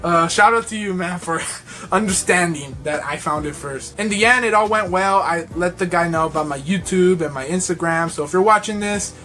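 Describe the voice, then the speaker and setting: Excitable young man telling a story. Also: high voice, normal speed. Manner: rambling and excitable, laughs often. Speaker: toy collector reviewer. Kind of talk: casual vlog storytelling.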